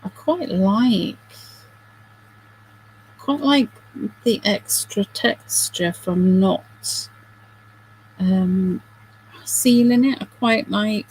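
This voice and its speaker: A woman's voice: mid-range voice, drawn-out words, pauses often, darkish tone, a little hiss or hum, low-quality recording. A middle-aged woman hosting a craft video, chatting casually and self-deprecatingly while she works, with giggly asides.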